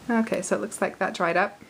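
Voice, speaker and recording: A woman's voice: mid-range voice, vocal fry, poor audio. Friendly craft host, woman in her forties, talks while she works, light laughs, slight hiss behind. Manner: chatty, laughs easily, thinks aloud while working. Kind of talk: casual card-making tutorial.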